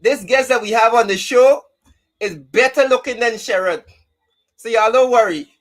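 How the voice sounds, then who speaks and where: A man's voice: very high voice, moderate pace, fairly bright tone. A man hosting a casual live-stream talk show, chatting and greeting viewers by name.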